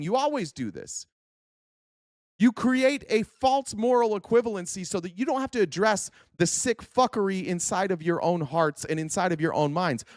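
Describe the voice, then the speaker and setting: A man's voice: high voice, dry recording, studio quality. A man hosting a political talk stream, ranting angrily with heavy profanity and sarcastic mock quotes while answering chat comments. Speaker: political talk show host.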